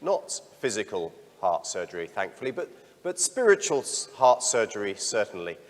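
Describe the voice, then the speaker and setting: Middle-aged priest preaching in a reverberant church. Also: male voice, fairly low pitch, very animated, moderate pace. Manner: candid, self-deprecating storytelling. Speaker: parish priest. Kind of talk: sermon.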